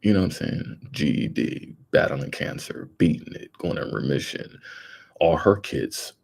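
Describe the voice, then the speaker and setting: A young man speaks casually on his livestream, rambling earnestly and calling his viewers "y'all." His voice sits very low, gravelly with fry and a husky edge. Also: animated, a little slow, a little mellow. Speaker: livestream host.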